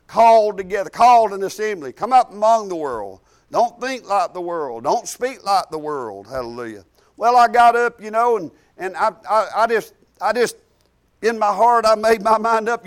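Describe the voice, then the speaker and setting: A man preaching a sermon and telling a testimony, building up to emphatic, shouted lines. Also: high voice.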